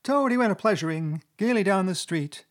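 A man voicing a pompous male weasel chief making a smug banquet speech in a high, squeaky voice. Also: expressive, brisk.

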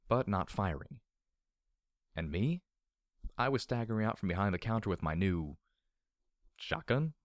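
A man narrating a first-person story with a wry, lively delivery. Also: low-pitched, no echo, studio quality. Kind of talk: audiobook storytelling.

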